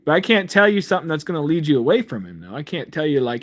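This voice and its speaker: Reading out viewer comments and answering them, a man runs a laid-back faith livestream, speaking fast in a slightly high, sing-song voice. He rambles, chuckles a lot, and keeps dropping the word "man."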